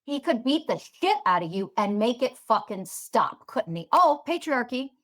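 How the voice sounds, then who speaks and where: A woman's voice: a little high, sing-song, normal speed, a bit bright. A woman hosting a podcast as a spiritual teacher, delivering a heated, profane monologue full of sarcastic rhetorical questions.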